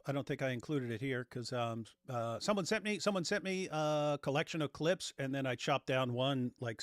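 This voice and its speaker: A man's voice: mid-range voice, no echo. Man hosting a reaction chat, dry and close. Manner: lively, explaining, mocking. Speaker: host. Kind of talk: casual reaction commentary.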